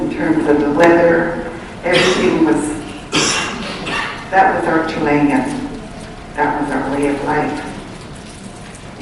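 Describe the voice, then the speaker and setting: A Tsawout First Nation woman from Canada tells family stories as a community speaker, unhurried and often repeating her words. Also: lowish voice, noisy background. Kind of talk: personal storytelling testimony. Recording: echoey hall, voice from far off.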